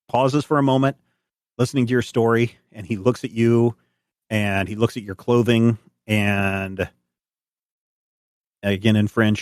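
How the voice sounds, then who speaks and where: A man narrating as game master of a tabletop game, relaxed and descriptive. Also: on the low side, clear, resonant tone, no room sound, studio quality.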